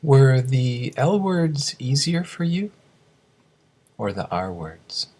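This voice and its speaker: A man teaching English pronunciation, reading slow word drills and explaining sounds. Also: mid-range voice, big pitch swings, darkish tone. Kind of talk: scripted lesson narration.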